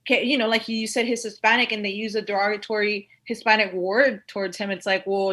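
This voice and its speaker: A woman's voice: mid-range voice, fairly even intonation, fairly quick, pushed and bright. A woman guest on a podcast, chatting casually and filling her speech with "like" and "you know.". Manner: chatty, full of "like" fillers. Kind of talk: casual conversation.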